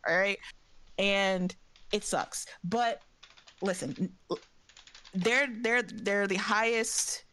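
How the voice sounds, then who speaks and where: A woman's voice: medium pitch, takes it slowly, long pauses, pushed and bright, clean tone. A woman guest on a podcast in casual chat, laid-back and laughing often.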